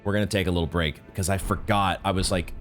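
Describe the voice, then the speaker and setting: A man playing a video game and commenting as he goes, swearing often and jumping up into high, angry yelling when things go wrong. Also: steady tone, fast talker, faint music behind. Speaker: gaming streamer. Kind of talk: live gameplay commentary.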